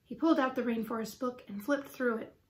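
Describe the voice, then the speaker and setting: A woman with a fairly high voice reads a children's chapter book aloud for students. Her storytelling is clear and expressive, paced for young listeners to follow along. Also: a little fast.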